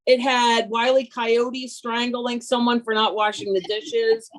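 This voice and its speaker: A woman in her fifties telling a comic story over a video call, brash, animated and self-mocking. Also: fairly high pitch, measured pace. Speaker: workshop participant.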